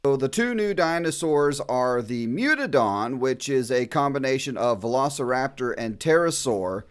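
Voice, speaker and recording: A man's voice: medium pitch, lively intonation, normal speed, clean tone. A man co-hosting a livestream, giving matter-of-fact, dismissive commentary. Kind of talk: casual commentary.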